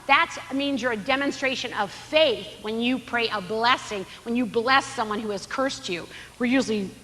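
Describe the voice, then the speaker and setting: High-voiced woman teaching in a reverberant hall. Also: moderate pace, a little hiss or hum. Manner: animated storyteller who acts out quoted characters in a raised voice. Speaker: Bible study teacher. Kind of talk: lively Bible teaching to a live group. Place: room with a live group.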